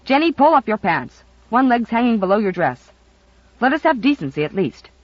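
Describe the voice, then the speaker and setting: Storybook character: reader voicing a nosy, scolding old grandmother, blunt and lively, dry, dull audio. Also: mid-range voice, moderate pace, no echo, lightly acted. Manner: sharp, critical, blunt.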